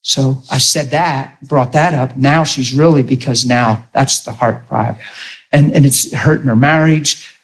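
A middle-aged man preaching a sermon, telling stories with animated emphasis. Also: mid-range voice, unhurried. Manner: animated, rises to near-shouting when retelling a story. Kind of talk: sermon storytelling.

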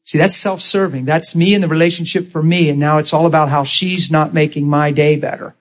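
Husky man preaching a sermon. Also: fairly high pitch, steady tone, brisk. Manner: folksy storytelling, acts out quoted voices.

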